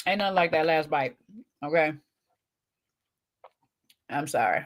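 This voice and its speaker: A woman's voice: low voice, animated, unhurried, long pauses. A woman, co-hosting a casual chat show, talking to viewers while eating, with teasing asides. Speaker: podcast co-host.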